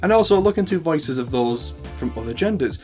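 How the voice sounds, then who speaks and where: A man's voice: on the high side, expressive, fairly quick, loud music behind the voice. A man with a northern English accent hosting a tutorial, chatty with playful asides. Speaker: host. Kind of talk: tutorial talk to camera.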